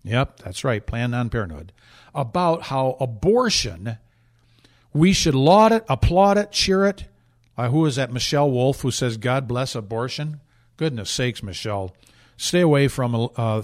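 A medium-pitched man hosts a political talk show, offering sarcastic, indignant commentary. He repeats points emphatically and often restarts his sentences.

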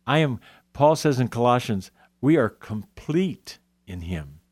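A man's voice: medium pitch, big pitch swings, measured pace, darkish tone, no room sound, clean studio sound. A man earnestly telling his Christian testimony in a conversation, often quoting scripture. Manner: earnest, emotional, quotes scripture. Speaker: guest sharing testimony.

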